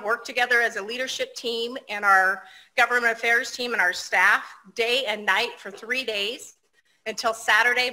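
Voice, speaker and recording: A woman's voice: medium pitch, pushed and bright, low-quality recording. A woman, the outgoing association president, giving a personable, lightly self-deprecating speech over a video call.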